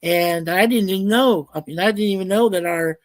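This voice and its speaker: A woman hosting a casual live-stream chat, chatty and quick to laugh, telling rambling stories. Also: lowish voice, dry recording. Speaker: host.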